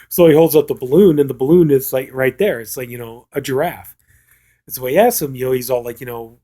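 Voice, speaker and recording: A man's voice: mid-range voice, fairly even intonation, fairly quick, dark tone. A man casually reviewing a comedy show, rambling and retelling the jokes with plenty of filler words. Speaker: film reviewer.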